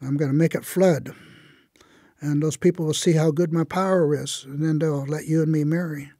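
A man voicing Titmouse, a quiet, humble young man who speaks plainly and steadily in a told story. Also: fairly high pitch, normal speed, no room sound, clean studio sound. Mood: resolute. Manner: modest, plain-spoken, steady.

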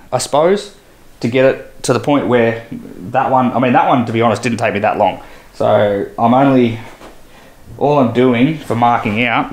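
An Australian man talking casually as he builds, thinking aloud and picking at his own mistakes in a workshop. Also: medium pitch. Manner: thinking aloud, self-critical, easygoing. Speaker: boat builder vlogger. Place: boat shed workshop. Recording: echoey workshop, faint background noise.

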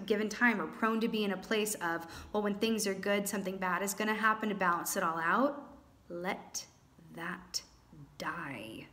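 A woman giving a casual tarot reading to viewers, chatty and animated with playful exclamations. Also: mid-range voice. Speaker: tarot reader.

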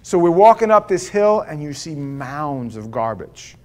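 Pastor preaching in a slightly higher voice. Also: male voice, big pitch swings, a little slow. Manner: conversational storytelling with rhetorical questions. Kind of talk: sermon. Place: church.

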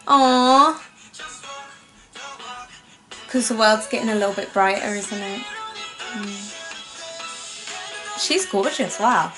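A young woman, gushing and rambling excitedly as she reacts on camera. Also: medium pitch, takes it slowly, pauses often. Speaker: reaction video host. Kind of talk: casual reaction commentary. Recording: faint music in the background. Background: music playing faintly.

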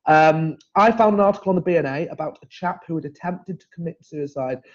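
A man's voice: fairly high pitch, fairly quick, muffled recording. Chatty man hosting a live stream. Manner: chatty, rambling, self-correcting with frequent fillers. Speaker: host. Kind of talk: live-stream chat reading viewer comments.

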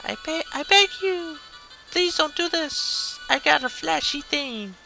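A man voicing a desperate young princess in a high falsetto, begging for help in a game play-through. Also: animated, a little slow, creaky, bright, forceful tone, soft background music, exaggerated voice, poor audio. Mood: pleading.

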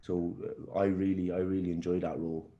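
A man's voice: low-pitched, flat delivery, a little fast, dull audio. A young man, a footballer guest, talking in a casual interview, often repeating and restarting his words.

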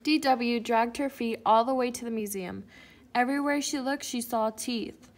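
A woman reading a children's picture book aloud with clear, expressive storytelling. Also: fairly high pitch, moderate pace. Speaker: storybook reader.

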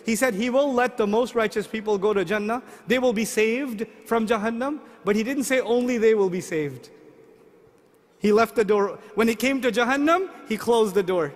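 A middle-aged man preaching a sermon, asking the audience lively rhetorical questions. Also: high-pitched, normal speed. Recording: long hall reverb.

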